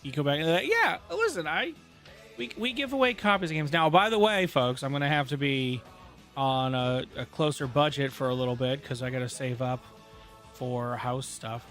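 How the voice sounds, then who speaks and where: A man's voice: medium pitch, lively intonation, normal speed, a bit bright, faint music behind. A man streaming a game live, chatting casually to his viewers in a rambling way, full of joking asides. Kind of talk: casual gaming stream chat.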